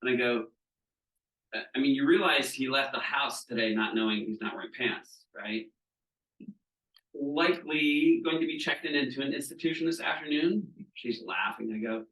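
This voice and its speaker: This instructor from Southeast Florida talks at a normal speed, his medium-pitched voice fairly bright. While teaching his training group he plays the people in his anecdotes, frequently tossing in "right?". Sound comes from a distant mic in a reverberant room.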